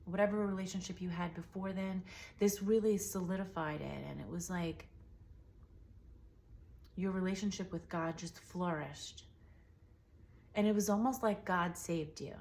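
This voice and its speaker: Young woman, intuitive reader, mellow low voice, tender and repetitive, slips into whispers. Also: normal speed, pauses often. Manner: emotional, soothing, repetitive, drifts into soft whispers. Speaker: tarot reader. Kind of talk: intuitive reading to the viewer.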